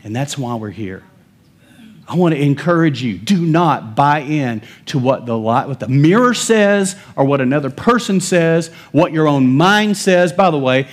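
A male pastor preaching a sermon, swinging between loud emphatic declarations and quiet low asides.

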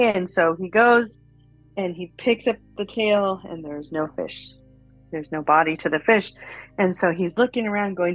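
A woman telling a traditional story in a casual, animated way, full of fillers. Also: on the low side, normal speed, faint music behind, poor audio. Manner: animated, chatty, many fillers.

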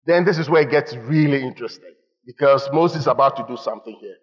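A man preaching a sermon in an animated way, rising to shouts at times. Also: mid-range voice, quick pace, breathy edge. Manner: animated, rising to shouts when voicing God. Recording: muffled sound in a reverberant hall.

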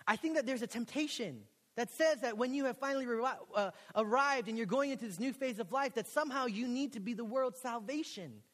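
Young male pastor, high voice, animated storytelling sermon, reverberant chapel. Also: brisk, few pauses. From Texas. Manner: animated storytelling, acts out quoted dialogue. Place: college chapel. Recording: long hall reverb.

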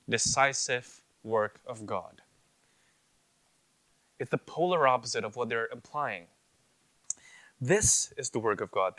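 Bright-voiced emphatic male preacher. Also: mid-range voice, no echo. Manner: emphatic, repeats phrases, asks rhetorical questions. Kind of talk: expository sermon.

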